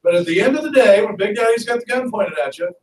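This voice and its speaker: A male history teacher lecturing a class in a lively, conversational way and asking students questions. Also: high-pitched, fast talker. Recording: echoey classroom from far off.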